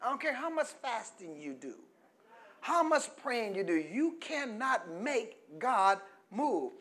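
High-voiced middle-aged male preacher. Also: very animated, takes it slowly. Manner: call-and-response, prompting the congregation to finish phrases; swings between quiet teaching and loud, emphatic preaching. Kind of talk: sermon.

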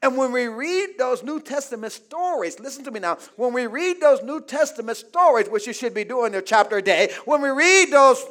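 A man preaching a call-and-response sermon as pastor, calling for amens, prompting the congregation to fill in words and building to shouts. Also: very high-pitched, lively intonation, normal speed, few pauses. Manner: preaching with calls of "say amen, somebody" and rising shouts. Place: church.

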